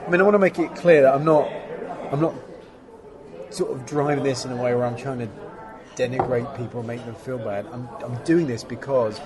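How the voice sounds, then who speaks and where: A man's voice: mid-range voice, a little fast, crowd noise. A man hosting a casual interview who speaks earnestly and bluntly, swearing now and then for emphasis. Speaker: podcast host.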